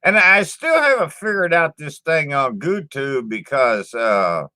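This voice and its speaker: A man talks slowly and bluntly to his channel's viewers, full of swearing and doubled-up words. His voice is bright and forward. The recording is dry and close. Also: fairly high pitch, big pitch swings, no echo. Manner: blunt, profane, repeats words and says "man" a lot. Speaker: channel host reading live chat. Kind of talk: casual live-stream chat.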